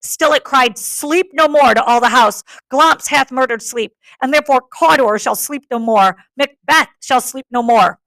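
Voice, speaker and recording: Lady reading macbeth, shaken guilty lord, anguished, slightly higher voice, gravelly edge. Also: moderate pace, hardly any pauses, fairly bright tone, no echo.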